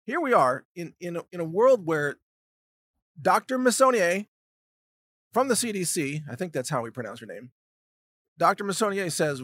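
A man delivers a solo commentary rant into a close, dry mic, his voice sitting a bit higher than most men's. He sounds indignant and sarcastic, and he keeps acting out mocking imagined conversations to make his point. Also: big pitch swings, normal speed, long pauses, fairly bright tone, dry recording. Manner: indignant, sarcastic, acts out mocking hypothetical dialogues. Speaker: commentary podcast host.

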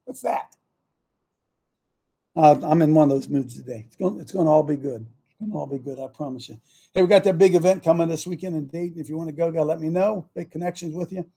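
A man hosting a talk show, rambling and excitable, repeating his phrases and swinging between loud bursts and hushed asides. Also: fairly high pitch, racing, creaky, slightly rough. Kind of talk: fiery talk show monologue.

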